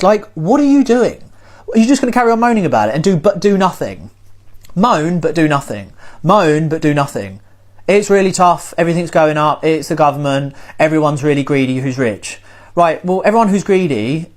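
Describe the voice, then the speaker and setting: A speaker delivers an emphatic motivational rant straight to camera, lecturing and repeating points for effect. The voice sits at a middle pitch but swings widely. It is a social-video monologue. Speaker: TikTok commentator.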